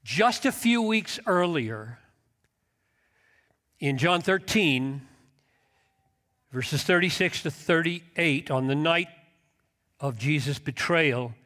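A man's voice: fairly high pitch, lively intonation, slow, pauses often, bright, forceful tone. A man preaching a sermon, emphatic, quoting scripture with rising intensity. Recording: long hall reverb.

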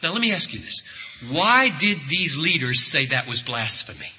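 A man's voice: fairly high pitch, big pitch swings, moderate pace, pushed and bright, husky. A man preaching a sermon to a church congregation, telling stories dramatically and acting out the voices in them. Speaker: pastor. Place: church service before a congregation. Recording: echoey hall, dull lo-fi sound.

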